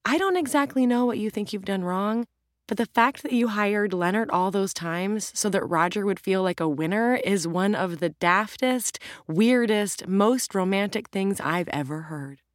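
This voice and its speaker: A woman's voice: mid-range voice, moderate pace, no room sound, clean studio sound, close to an everyday voice. A woman reading an audiobook, voicing a frank woman friend who speaks emphatically. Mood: encouraging.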